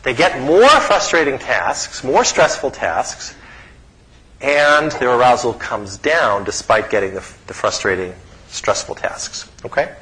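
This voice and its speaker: A middle-aged man, a psychology professor, giving an animated lecture with chuckling asides and frequent "okay?" check-ins. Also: mid-range voice, a little slow, low-quality recording.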